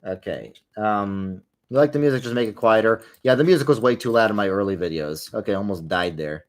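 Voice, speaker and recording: A man's voice: lowish voice, fairly quick. Chatty young man streaming while gaming. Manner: rambling, chatty, drifting into wry sarcastic asides. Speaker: livestream host answering viewer questions. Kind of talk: casual livestream chat while playing a game.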